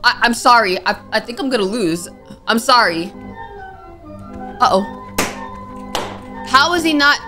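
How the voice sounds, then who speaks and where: A woman's voice: on the high side, animated, unhurried, pauses often, pushed and bright, soft background music. A young woman narrating her own horror game play, jumpy and nervous, reacting with gasps and worried asides. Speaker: gaming streamer. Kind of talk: let's play commentary.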